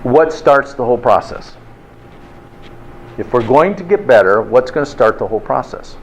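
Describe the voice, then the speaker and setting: A man's voice: medium pitch, lively intonation, normal speed, lo-fi sound. Chatty male health lecturer. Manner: keeps checking in with "okay?", chatty and informal. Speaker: health instructor. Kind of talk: interactive classroom lecture.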